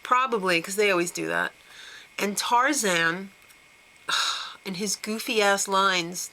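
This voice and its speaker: A woman's voice: mid-range voice, slow pace, long pauses, bright, forceful tone, poor audio. A woman hosting a casual reality-TV recap, talking in a gossipy, snarky way and giggling often. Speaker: show recap host.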